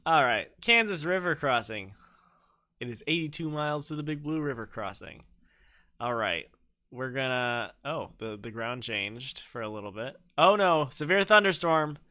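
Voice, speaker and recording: A man's voice: mid-range voice, expressive, normal speed, bright, forceful tone. A young man livestreaming a game, chatting playfully and telling jokey stories with silly voices. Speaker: streamer. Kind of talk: livestream gameplay chat.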